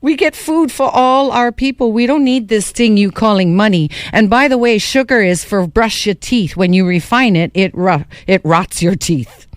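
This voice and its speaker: A woman's voice: medium pitch, moderate pace, few pauses, no echo, clean studio sound, natural voice. A woman voicing a figure, easygoing and amused as they turn down an offer. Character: Hawaiian elder politely refusing, amused.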